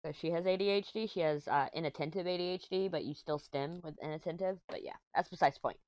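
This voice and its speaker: A woman's voice: lowish voice, quick pace, a little mellow, no room sound. A middle-aged woman vlogger chatting casually while she crafts, telling a rambling story and giggling often. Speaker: diamond painting vlogger.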